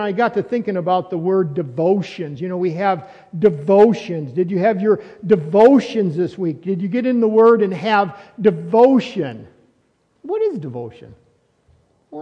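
A pastor preaching with a high voice, talking to his congregation in a loose, conversational way and throwing in rhetorical questions. His voice rings out with a long reverb, and the audio is muffled. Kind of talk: sermon.

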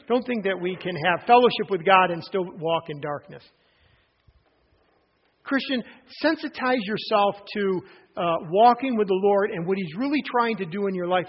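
A man delivers a sermon in a raised, husky voice. He speaks earnestly, restarting phrases and pausing for emphasis. The recording is dull and lo-fi. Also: high-pitched, expressive. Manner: earnest preaching with frequent restarts and emphatic pauses. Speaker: pastor.

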